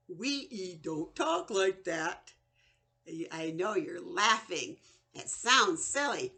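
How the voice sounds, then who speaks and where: A woman teaching a children's phonics lesson, sounding out vowels slowly and with exaggeration. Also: mid-range voice, sharp tone.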